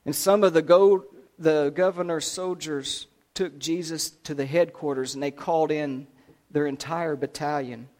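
A man preaching a sermon, retelling a scripture story dramatically, swinging from loud declarations to hushed lines. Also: on the high side, fairly even intonation, a little slow.

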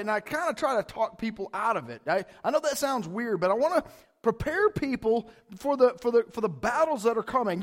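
A man preaching a casual, conversational sermon, often asking "right?" and rising loud for emphasis. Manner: animated, rises loud for emphasis; high-pitched voice. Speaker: pastor.

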